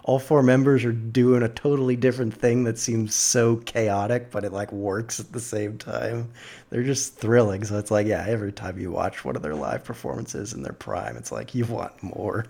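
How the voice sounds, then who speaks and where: A young man co-hosting a casual podcast chat, excitable and quick to laugh. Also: gravelly. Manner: excitable, laughs often, pitch jumps when animated. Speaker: podcast co-host.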